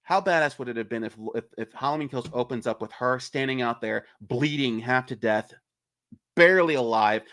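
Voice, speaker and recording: Recorded dry in a clean studio, a man with a medium-pitched voice rants through a casual livestream chat. He's an indie filmmaker, profane and animated, occasionally raising his voice to act out quoted lines.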